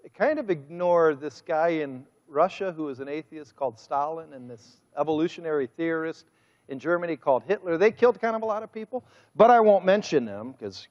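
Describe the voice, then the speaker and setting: A man preaching a sermon as pastor, speaking with drawn-out emphasis and a mocking, sarcastic edge. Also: fairly high pitch, expressive, a little mellow. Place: church sanctuary. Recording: muffled sermon audio with long church reverb.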